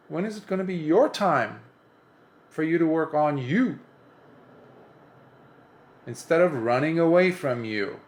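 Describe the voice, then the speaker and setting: A Buddhist monk gives an impromptu dharma talk, earnest and emphatic. His fairly high voice rises on points he repeats, and he often restarts his sentences.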